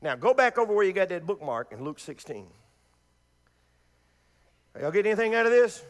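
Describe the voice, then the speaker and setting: A middle-aged man, a pastor preaching a sermon to a congregation, repeating phrases and shouting the climaxes. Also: high voice, sing-song, normal speed, long reverb tail. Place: church before a congregation.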